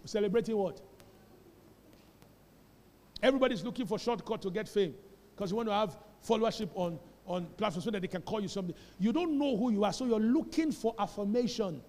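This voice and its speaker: High-pitched Nigerian pastor preaching in a hall. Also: male voice. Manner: preaching with questions and rising to shouts. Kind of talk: sermon. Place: church sanctuary. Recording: church hall reverb.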